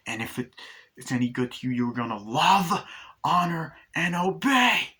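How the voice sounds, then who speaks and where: A man's voice: medium pitch, monotone, quick pace, close to an everyday voice. Chucky, a sneering killer doll, as a man puts him on. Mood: taunting. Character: sneering, foul-mouthed male killer doll.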